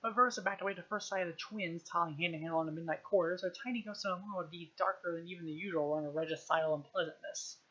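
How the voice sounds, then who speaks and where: A woman's voice: lowish voice, fast, few pauses, fairly bright tone, highs cut off. A woman reading a novel aloud on a stream, in an unpolished way with frequent slips and restarts. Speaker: reader. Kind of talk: casual audiobook reading on stream.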